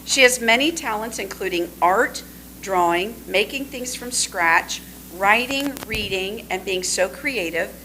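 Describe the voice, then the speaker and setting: A woman presenting a student award at a school board meeting, reading teachers' tributes with warm, gushing praise. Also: mid-range voice, lively intonation, measured pace, slight background noise, rough recording. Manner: warm and gushing, trails off to a hush when aside.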